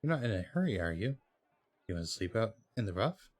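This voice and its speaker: A man's voice: on the low side, very animated, brisk. A man voicing a tiny, chirpy, impatient winged sprite from a fantasy game, reading its lines aloud with small hesitations. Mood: pushy. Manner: read aloud with slight hesitations.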